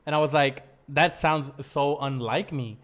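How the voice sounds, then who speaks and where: A man's voice: on the high side, a little slow, a bit bright. A man hosting a podcast, telling a story in loose casual chat, full of swearing and acted-out quotes. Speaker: podcast host.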